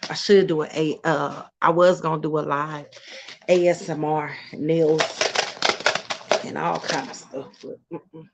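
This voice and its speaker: A woman's voice: low voice, steady tone, a little slow, vocal fry, heavy background noise. A middle-aged woman chatting casually on a live stream, greeting viewers by name and laughing often.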